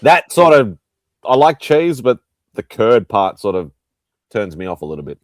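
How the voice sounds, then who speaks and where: A man's voice: on the low side, sing-song, moderate pace, no echo. A man hosting a casual livestream chat, joking and rambling as he talks. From Australia. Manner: joking, rambling, laughs often. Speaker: host.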